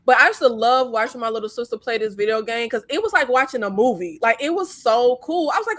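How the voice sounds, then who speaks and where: A woman hosting a casual movie review chat, blunt and profane, talking in an animated way. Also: a little high, fast talker, hardly any pauses. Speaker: host.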